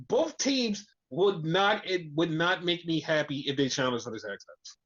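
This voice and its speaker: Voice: mid-range voice, moderate pace, lo-fi sound. A podcast co-host in casual chat recapping wrestling, swearing freely and acting out what people said. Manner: animated, swears freely, acts out quotes.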